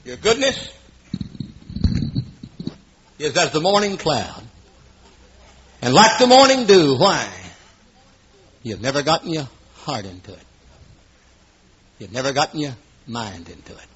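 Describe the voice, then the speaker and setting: A man in his fifties preaching a sermon, dramatic, swinging between hushed asides and loud exclamations. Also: on the high side, very animated, a little slow, pauses often. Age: 50s. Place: room at an evening gathering. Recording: dull lo-fi recording.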